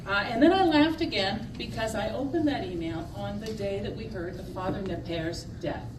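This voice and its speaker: A woman's voice: medium pitch, normal speed. Woman giving a talk in an echoey hall. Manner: humorous, self-deprecating, laughs often. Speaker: speaker at a gathering of sisters. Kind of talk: informal talk to an audience. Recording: echoey hall from far off with noise.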